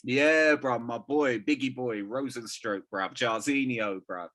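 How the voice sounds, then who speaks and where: Man, slangy casual chat, mid-pitched voice. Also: a little slow, fairly bright tone. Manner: slangy, says "bruv" constantly, laughs often. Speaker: podcast co-host.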